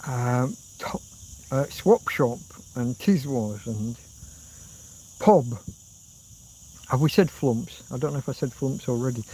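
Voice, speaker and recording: A man's voice: mid-range voice, animated, slow pace, long pauses, warm tone, slightly rough, poor audio. A man in his fifties with an English accent, hosting a rambling livestream chat, reading out comments, swearing casually and now and then humming tunes. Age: 50s. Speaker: livestream host.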